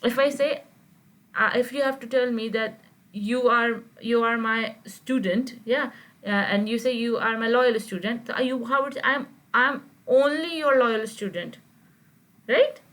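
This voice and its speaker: A woman's voice: a little high, steady tone, moderate pace, fairly bright tone, low-quality recording. A woman teaching Quranic Arabic grammar in an online class, explaining step by step and often checking whether her students follow. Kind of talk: live online grammar lesson.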